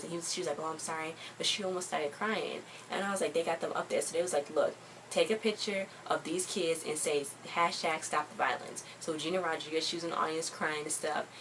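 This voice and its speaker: A woman's voice: low-pitched, far from the mic, a little hiss or hum, rough recording. A woman vlogger in casual chat, rambling and chatty as she recaps an awards show. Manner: chatty, rambling, quotes people in a relaxed conversational way.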